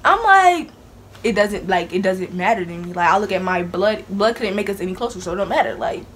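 A young woman telling a storytime vlog in a sassy, animated way, talking with attitude. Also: mid-range voice, brisk, slight background noise. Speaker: vlogger. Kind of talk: casual storytime.

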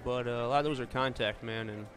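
A man's voice: medium pitch, steady tone, quick pace, a bit bright. A man streaming a racing game, chatting casually with viewers and friends and calling them "man" and "buddy". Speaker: gaming streamer. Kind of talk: casual gameplay chat.

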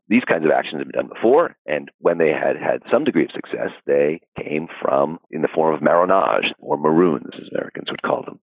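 A man explaining history in an interview, thoughtful and unhurried, with frequent fillers. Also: very deep voice, creaky, breathy edge, dry recording. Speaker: historian guest. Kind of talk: academic interview answers. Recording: dry, phone-like audio.

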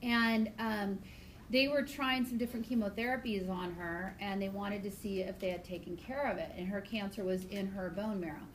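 A woman biology teacher lecturing her class in a chatty, animated way, mixing lessons with personal stories. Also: mid-range voice, normal speed, a little hiss or hum. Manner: chatty, animated storytelling, talks to students directly. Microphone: iPad screencast recording.

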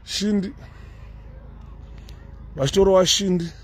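Husky Zimbabwean man chatting on a walk. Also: sits high, measured pace. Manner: rambling, conversational, chatty asides to viewers. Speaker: vlogger. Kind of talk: casual walking commentary. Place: outdoor city park. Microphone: handheld phone.

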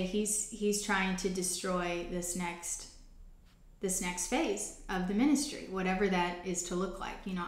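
A woman hosting a faith ministry show, telling a personal testimony story in an earnest, conversational way with frequent restarts. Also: mid-range voice. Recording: roomy echo.

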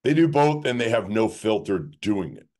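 A man's voice: on the low side, sing-song, normal speed, darkish tone. A man co-hosting a sports podcast, talking casually in a rambling way full of "like" and restarts. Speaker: podcast co-host.

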